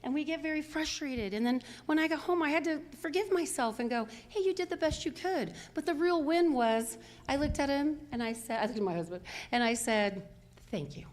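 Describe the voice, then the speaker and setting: A woman's voice: sits high, brisk, few pauses. Older woman giving a chatty sermon. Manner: conversational, self-deprecating, with frequent fillers and laughs. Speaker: minister. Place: church sanctuary.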